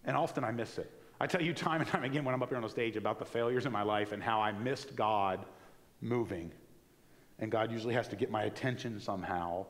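A man preaching a sermon in a church in a conversational, animated way, acting out little asides as he goes. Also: medium pitch, long reverb tail. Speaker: pastor. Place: church sanctuary.

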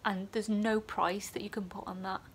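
A woman's voice: medium pitch, little pitch movement, normal speed, a little hiss or hum. A young woman with an English accent, a student nurse vlogging with emotion, teary and at times dropping to a whisper. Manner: tearful, gushing, drops to whispers. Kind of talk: emotional personal vlog.

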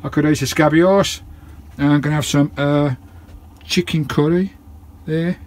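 A man's voice: a little high, steady tone, moderate pace. A British man vlogging casually from inside his camper van, chatting and swearing lightly. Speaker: vanlife vlogger. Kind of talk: casual vlog chat.

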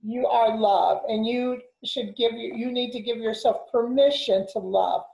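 A woman's voice: fairly high pitch, measured pace, vocal fry, dark tone. A woman talking casually as a guest, affirming and telling a personal story. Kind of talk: casual conversation. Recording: echoey room.

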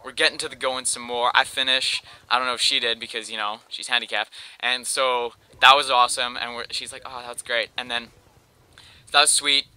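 A man rambles through a long joke story as a gaming commentator, leaning on "like" between every thought. His voice is strikingly bright and tense, and it comes through smooth and clear. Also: mid-range voice, little pitch movement, fairly quick, low-quality recording. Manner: rambling, heavy use of "like". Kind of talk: telling a long joke story over gameplay.

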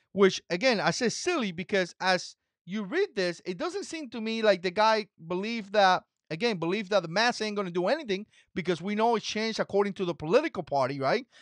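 A man's voice: sits high, animated, a little fast, a bit bright, no echo. A man whose first language is not English, hosting an opinion commentary vlog in an emphatic, mocking way that repeats its points. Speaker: channel host.

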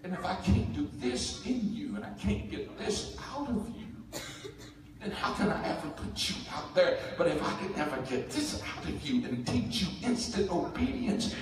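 A man's voice: sits high, expressive, normal speed, a crowd in the background. A man preaching a fervent, emphatic sermon as pastor. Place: church sanctuary. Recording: echoey church hall from far off, music behind.

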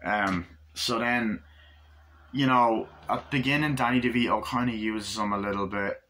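A man's voice: moderate pace, sharp tone, a little hiss or hum. A man giving a casual, rambling film review, swearing often and acting out scenes. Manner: rambling, profane, acts out scenes in a higher voice. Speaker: movie reviewer.

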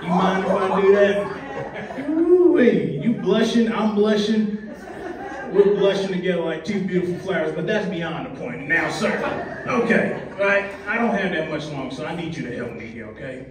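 A man's voice: high voice, moderate pace. A man hosting a comedy show, doing loose, rambling crowd work and teasing the audience. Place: comedy club with live audience. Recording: roomy echo, distant mic, crowd laughter.

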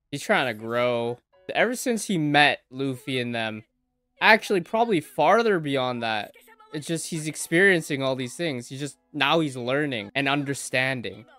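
Excitable man reacting to anime, dry sound. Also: high-pitched, no echo. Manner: excitable, swings between mumbling and loud outbursts; swears, stammers and repeats words. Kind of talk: casual reaction commentary.

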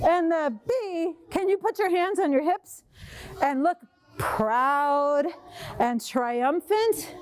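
A woman librarian leading a children's storytime, reading a picture book aloud and coaxing kids to buzz, roar and act along. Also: extremely high pitch. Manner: animated, sing-song, coaxing children to join in.

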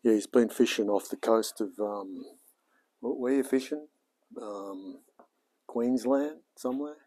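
A laid-back Australian man in his late forties talks in a slow, unhurried drawl. His voice sits low, and he rambles from one thought to the next with easy slang. He sounds like a home mechanic chatting to his live-stream viewers. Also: dark tone. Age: late 40s. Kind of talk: casual live-stream chat.

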